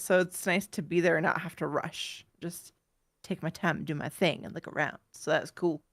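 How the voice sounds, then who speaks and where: A woman in her thirties with a cold, co-hosting a podcast and telling rambling stories in casual chat. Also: on the low side. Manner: chatty, rambling storyteller who laughs at her own mishaps. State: has a cold. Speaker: podcast co-host.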